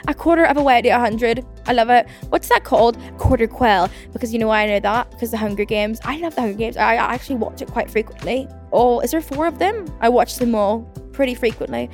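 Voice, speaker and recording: A woman's voice: fairly high pitch, fast, few pauses, faint music behind. Chatty young woman podcaster. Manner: chatty, rambling, lots of "like". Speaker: podcast host. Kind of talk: casual solo podcast chat. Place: home.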